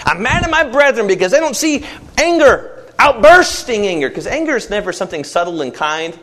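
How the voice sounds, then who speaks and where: Man, sermon, slightly high voice, animated preaching, emphatic peaks, low quiet stretches. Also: fairly quick. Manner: acts out everyday voices in asides.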